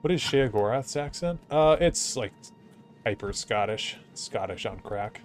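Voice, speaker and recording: A man's voice: medium pitch, animated, a little slow, soft background music. A man streaming a game, chatting casually with rambling asides while he plays. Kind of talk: casual gaming commentary.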